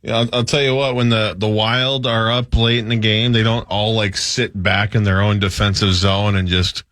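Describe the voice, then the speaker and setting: A man's voice: on the low side, little pitch movement, normal speed, fairly bright tone, no echo, clean studio sound. A man co-hosting a sports radio show, giving sarcastic opinions in casual banter. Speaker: radio co-host.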